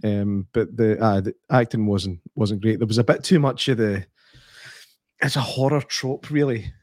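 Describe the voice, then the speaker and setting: A Scottish man in his thirties co-hosting a casual film chat, animated, swearing and laughing as he talks. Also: lowish voice, normal speed, no room sound, clean studio sound. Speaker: podcast co-host.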